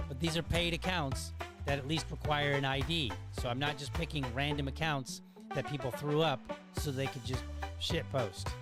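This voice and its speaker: A man hosting a casual commentary podcast, talking in a sarcastic, wry way with chatty asides to his listeners. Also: on the high side. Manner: talkative, conversational asides. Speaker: podcast host.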